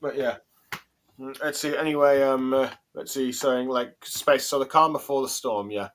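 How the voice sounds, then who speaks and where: A man's voice: medium pitch, fairly even intonation, moderate pace, fairly bright tone, a little hiss or hum. A man hosting a casual comic review chat, hesitant and full of fillers, chuckling often. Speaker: podcast host.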